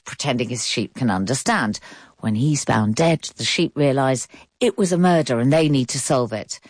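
A woman presenter reading a scripted introduction in a crisp, lively way. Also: a bass voice, no room sound, studio quality. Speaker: radio presenter.

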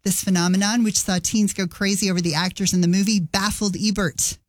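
A woman's voice: mid-range voice, steady tone, brisk, dry recording. A woman radio host talking casually between songs, with wry personal asides.

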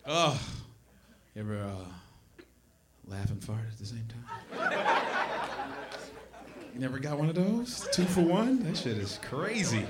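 A man's voice: medium pitch, animated, normal speed, very noisy. A man doing a crude stand-up set in a comedy club, laughing at his own jokes and acting out voices. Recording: club with loud audience laughter.

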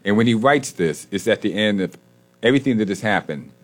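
A male radio co-host with a fairly low voice talks casually in a studio. He is jokey and laughs easily, with loose, chatty pacing. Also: animated, brisk. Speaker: co-host of a faith sports radio show. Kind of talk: casual radio chat and scripture reflection.

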